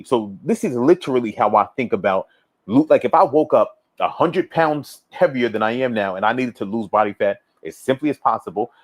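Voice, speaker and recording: A man hosting a fitness livestream, chatting casually and reading viewer comments aloud, relaxed and rambling, repeating himself and laughing often. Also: mid-range voice. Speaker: fitness coach livestream host.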